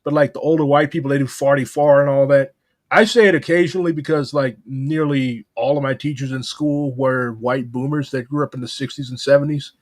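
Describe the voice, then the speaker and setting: A man's voice: medium pitch, fairly even intonation, brisk, dry recording, studio quality. A young man from St. Louis hosting a casual podcast chat, loose and profane, with lots of "like.". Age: young adult. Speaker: podcast host.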